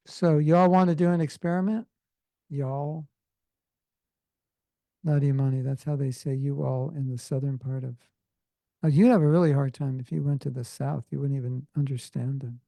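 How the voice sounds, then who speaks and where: A man's voice: fairly high pitch, fairly even intonation, moderate pace, gravelly, mellow, no room sound, low-quality recording. A man with a Californian accent giving an informal devotional class, talking conversationally with joking asides. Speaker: spiritual teacher.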